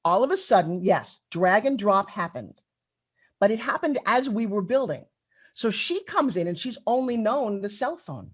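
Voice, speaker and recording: A woman's voice: medium pitch, normal speed, breathy edge. A middle-aged woman telling stories in a chatty conference keynote and speaking straight to the audience. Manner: animated, chatty, addresses the audience directly.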